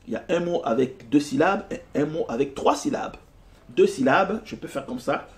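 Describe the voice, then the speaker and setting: A man with a fairly high, creaky voice and lively intonation talks fast while teaching a guitar lesson. He explains each step, switching between English and French, full of fillers and restarts. Guitar playing sounds in the background.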